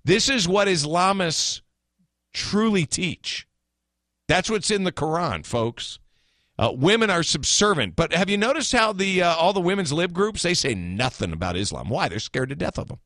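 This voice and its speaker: A man's voice: high-pitched, big pitch swings, moderate pace, a bit bright, no room sound. A man hosting a talk radio show, giving blunt, opinionated commentary with sarcastic asides from a studio mic.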